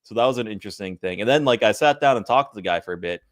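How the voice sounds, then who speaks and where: A man's voice: on the low side, expressive, very fast, no room sound, studio quality. A man co-hosting a podcast, chatting casually and telling rambling anecdotes. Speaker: podcast co-host. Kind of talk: casual chat.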